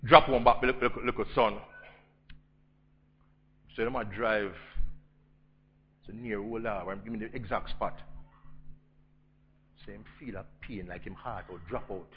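A man with a Jamaican accent preaching a storytelling sermon, swinging between loud emphasis and hushed intensity. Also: fairly low pitch, fairly even intonation, a little slow, pauses often, lo-fi sound, slight background noise.

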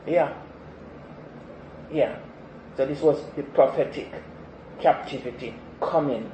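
A man's voice: a little high, unhurried, long pauses, a little hiss or hum. A man preaching a sermon in an earnest manner, repeating key phrases for emphasis. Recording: echoey, slightly dull sanctuary recording.

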